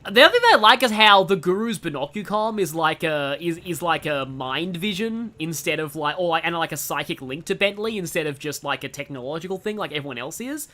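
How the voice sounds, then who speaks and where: A young Australian streamer talks through a game in a bright, lively voice, bouncing up and down in pitch. They ramble eagerly, trail off and start again, keeping the talk loose and casual. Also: fairly quick, hardly any pauses. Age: 20s. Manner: chatty and enthusiastic, trails off and restarts a lot.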